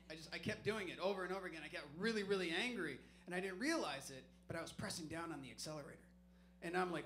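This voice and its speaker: High, bright-voiced profane comedian. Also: male voice, animated, fast talker, a little hiss or hum. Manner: loose, profane, self-mocking storytelling. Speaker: stand-up comedian. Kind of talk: stand-up storytelling.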